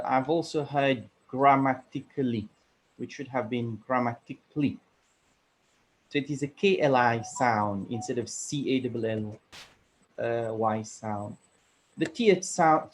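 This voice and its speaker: A man giving the grammarian's report at an online club meeting, speaking carefully with many filler sounds. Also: medium pitch. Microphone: video call.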